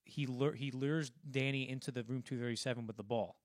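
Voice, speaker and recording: Speaking a little fast with fairly even intonation, this young male co-host rambles through film scenes on a casual podcast, restarting often as he animatedly retells them. His pitch is medium, and the studio-quality audio carries no room sound.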